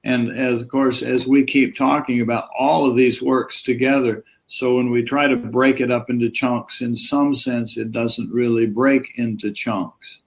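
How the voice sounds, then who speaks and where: A man's voice: mid-range voice, flat delivery, measured pace, vocal fry, few pauses. A man teaching a live-streamed yoga lesson in a rambling, conversational way, chatting with viewers as he goes.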